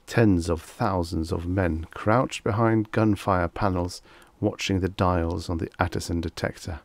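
A man narrating a vintage science fiction story in a measured, dramatic storytelling manner, on a close microphone. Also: low voice, fairly even intonation, no room sound. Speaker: audiobook narrator.

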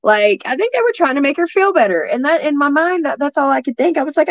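A woman's voice: high-pitched, big pitch swings, fast talker, hardly any pauses, no room sound, highs cut off. A woman from East Tennessee, telling a story as a guest in a rambling way, full of restarts and fillers. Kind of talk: casual storytelling.

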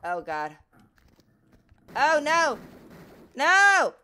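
A woman's voice: sits high, wildly swooping pitch, drawn-out words, sharp tone. A woman whose first language is Portuguese, playing a video game and commenting casually, muttering to herself and exclaiming and swearing when things go wrong. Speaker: gaming streamer.

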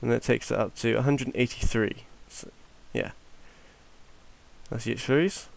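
A young man talks through a screen-recorded game tutorial in a casual, rambling way, often muttering to himself. His voice is gravelly and a little stuffy from a cold, and his pitch sits in an ordinary middle range. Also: fairly even intonation, measured pace. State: has a cold. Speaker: tutorial maker.

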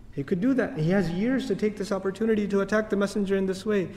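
A man giving an animated lecture on the Quran, swinging between emphatic peaks and soft asides and chanting Arabic verses in quick bursts. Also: sits high, in a large hall. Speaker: Islamic lecturer.

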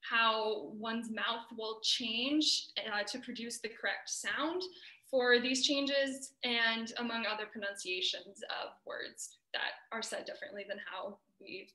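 Bright young American woman presenting. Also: a little high, a little slow, reverberant, poor audio. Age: young adult. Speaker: student presenter. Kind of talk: academic presentation on a video call. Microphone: video call.

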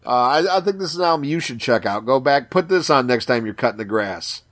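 A man with a Chicago accent talks over music on a casual podcast. His voice sits at a middling pitch, and he swears freely and repeats words as his excitement runs ahead of him. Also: fairly quick. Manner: profane, enthusiastic, repeats words. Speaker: podcast co-host. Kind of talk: casual chat.

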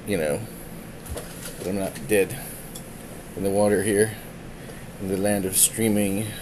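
A man's voice: low voice, flat delivery, unhurried, background noise. A man casually chatting on a live stream, rambling and self-deprecating as he mutters to himself while changing settings.

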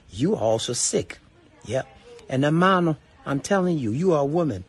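Middle-aged Ghanaian man with a Ghanaian accent, gravelly and hoarse-edged, angry and profane on a social media rant. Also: mid-range voice, sing-song, normal speed. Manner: angry, profane, switching between English and Twi. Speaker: entertainer addressing fans.

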